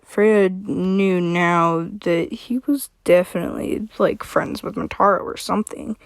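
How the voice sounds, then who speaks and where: Slow-talking young woman reading her story. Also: lowish voice, steady tone, creaky, smooth, dry recording. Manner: rambling with fillers. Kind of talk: casual chat and story reading.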